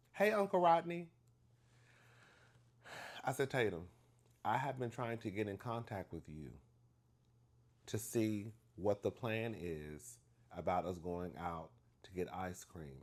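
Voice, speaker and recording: Man, lower-pitched, casual storytelling, animated, exaggerated emphasis, says "girl" a lot. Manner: chatty, animated, addresses listener as "girl"; acts out dialogue with exaggerated emphasis. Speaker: vlogger telling a story.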